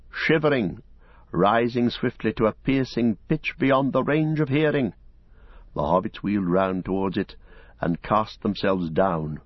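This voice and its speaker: A man reading a story aloud as an audiobook narrator, in a measured, dramatic storytelling manner. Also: fairly low pitch, dry recording. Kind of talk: scripted narration. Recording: dull lo-fi recording.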